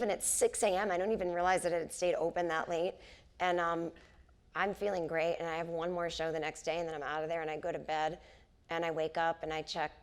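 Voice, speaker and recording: A woman in her forties tells stories in a relaxed onstage conversation, her voice set a little low. She acts out the people she quotes as she goes, picked up by a stage microphone in a theater. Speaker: comedian and author, interview guest. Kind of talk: casual onstage conversation, storytelling. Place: theater stage before a live audience.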